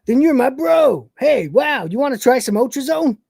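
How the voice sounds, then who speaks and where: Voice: high voice, animated, gravelly, warm tone, slightly rough, no room sound, studio quality, voice pushed up, exaggerated voice. Host putting on a dopey hick robot drawl. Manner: slow country drawl, dopey. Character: dim, drug-happy male hick mechanoid. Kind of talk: retelling an episode in character.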